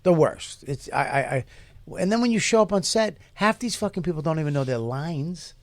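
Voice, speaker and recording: A man's voice: on the high side, expressive, fairly quick, no echo. A man co-hosting a comedy talk show, ranting in a profane, exasperated way. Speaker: co-host. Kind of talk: casual comedic chat.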